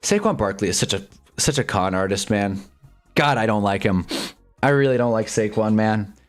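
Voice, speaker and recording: A man's voice: on the low side, expressive, soft background music. Ranting young man streaming football. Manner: frustrated, ranting, quick reactions. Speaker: streamer watching live football. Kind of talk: live sports watch-along commentary.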